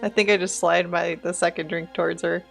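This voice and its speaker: A woman's voice: fairly low pitch, flat delivery, fairly quick, vocal fry, faint music behind. A woman player in a tabletop game, casual and giggly. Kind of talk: tabletop role-play.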